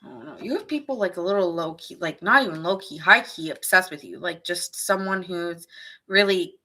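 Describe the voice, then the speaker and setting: A woman's voice: lowish voice, brisk. A woman giving a casual, chatty tarot reading to camera, laughing often and filling her talk with "like". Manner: playful, animated asides to the viewer. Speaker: tarot reader.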